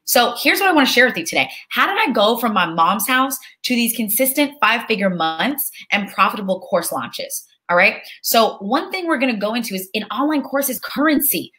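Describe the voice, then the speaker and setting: A woman leading a live online webinar, energetic and chatty, calling for amens like a preacher and reading out audience names. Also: fairly high pitch, fairly quick, few pauses. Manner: energetic, preacher-like call and response. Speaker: online course instructor.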